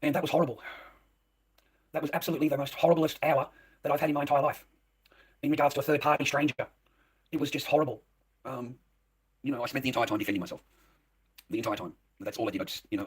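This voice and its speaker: An Australian vlogger rants directly to camera, agitated and heated, swearing as he addresses the viewer. His medium-pitched, breathy voice comes in rapid-fire bursts broken by long pauses.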